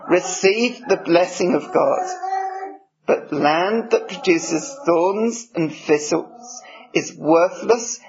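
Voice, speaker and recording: A man preaching a sermon. He reads scripture in a measured way and explains it. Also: sits high, gravelly. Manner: measured, slow reading of scripture. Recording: dull lo-fi recording.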